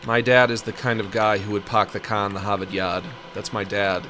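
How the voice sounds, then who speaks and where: A man's voice: fairly low pitch, flat delivery, brisk, bright, forceful tone, slight background noise. A man streaming a game, rambling and joking as he talks to himself and to his chat. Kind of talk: casual live-stream commentary. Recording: game music behind the voice. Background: game music.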